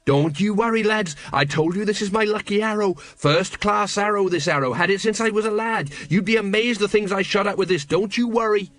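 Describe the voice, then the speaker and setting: A man's voice: high-pitched, fairly quick, hardly any pauses, a bit bright, no room sound, voice pushed up. A man voicing a nervous, blustering middle-aged watch sergeant in an audiobook reading. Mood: quavering bravado. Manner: quavering, blustering.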